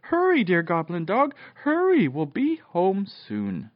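A man voicing a small fairy girl in a bedtime storybook reading, with a high, excited squeal. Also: slow, dry recording, full character voice. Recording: dull dry lo-fi recording.

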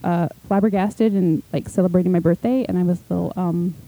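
A woman co-hosting a podcast, telling excited, chatty stories in casual conversation. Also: lowish voice, brisk, dry recording, lo-fi sound. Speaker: podcast co-host. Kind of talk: casual chat.

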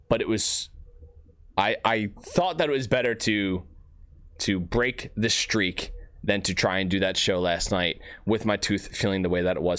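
A man hosting a casual podcast, rambling in an animated, self-joking way while nursing an aching tooth. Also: fairly low pitch, dry recording, clean studio sound. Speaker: podcast host.

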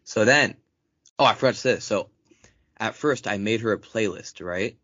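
A low-voiced young man co-hosting a podcast tells a profane story at normal speed in casual chat. Animated, he acts out quotes in a raised voice. The recording is dull, lo-fi and dry, with no echo.

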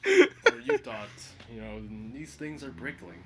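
A young man chatting on a podcast, his pitch rising and falling a lot as he jokes. He rambles, makes offhand gags and bursts into loud laughs. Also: huge pitch swings, a little slow, poor audio. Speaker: podcast co-host. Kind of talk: casual chat.

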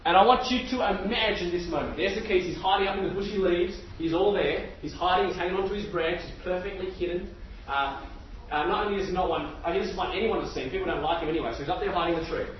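A man with a high voice preaches to a crowded hall, telling the story with animation and asking the room questions. The sound is distant and echoey, dulled, with a faint hiss behind. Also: fast, highs cut off. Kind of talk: sermon. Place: large hall with an audience.

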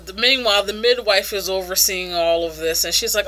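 A woman's voice: medium pitch, fairly even intonation, brisk, sharp tone. A woman casually reviewing an adult comic, frank and crude, laughing often.

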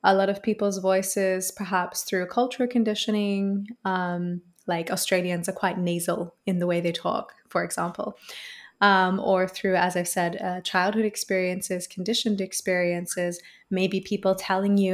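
A woman's voice: on the low side, level tone, moderate pace. Earnest woman explaining voice work. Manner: earnest, flowing, repeats phrases for emphasis. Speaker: voice coach guest. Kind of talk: reflective interview answer.

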